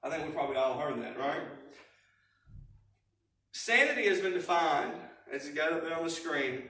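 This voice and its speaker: A man's voice: on the high side, animated, normal speed, bright, forceful tone, distant mic. A married man leading a church recovery lesson, telling a personal story in plain, folksy talk and laughing often. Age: adult, married. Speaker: recovery group leader. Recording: echoey church hall, speaker away from mic.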